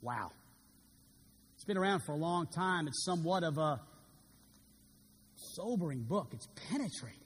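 A pastor preaches a dramatic, earnest sermon, acting out quoted words as his intensity rises. His voice is fairly high, animated and husky, at a moderate pace with long pauses. The long reverb of a large hall fills the recording.

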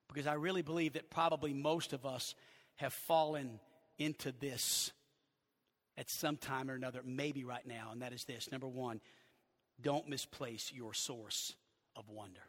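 High-voiced preacher in an echoing hall. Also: male voice. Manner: earnest preaching, swings from loud emphasis to hushed low phrases. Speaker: pastor. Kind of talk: sermon. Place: church sanctuary. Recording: long church hall reverb.

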